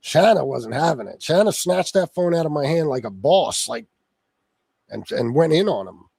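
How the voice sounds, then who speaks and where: High, lively-voiced man ranting on a livestream. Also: moderate pace, vocal fry, breathy edge, no room sound. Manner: profane, taunting, insults someone by name. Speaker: livestream host. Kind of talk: livestream rant.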